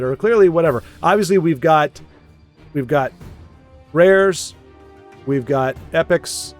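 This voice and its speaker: A man with a fairly high voice gives relaxed, rambling commentary on a card game, often restarting his sentences and poking fun at himself. Soft music plays faintly under his talk. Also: takes it slowly, pauses often. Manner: chatty, self-deprecating, rambling with restarts. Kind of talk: casual gameplay commentary.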